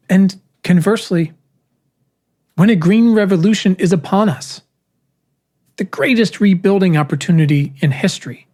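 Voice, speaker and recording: Host reading out their own essay, earnest and punchy, drops in wry little jokes, middle pitch. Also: darkish tone. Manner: earnest and emphatic, with casual wry asides. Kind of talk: essay read aloud.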